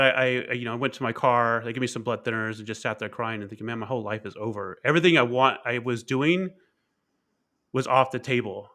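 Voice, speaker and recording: Interview guest, man, bright and forceful tone, candid and reflective storytelling, frequent fillers and repeated words. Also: medium pitch. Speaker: keynote speaker and author being interviewed.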